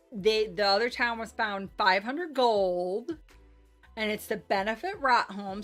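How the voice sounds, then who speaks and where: A woman game master recapping a tabletop game session in a casual, chatty way, with lots of "like" and "um". She gushes over the players' moves in a mid-pitched voice, with faint music behind. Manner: chatty, filler-heavy with frequent "like" and "um"; gushing.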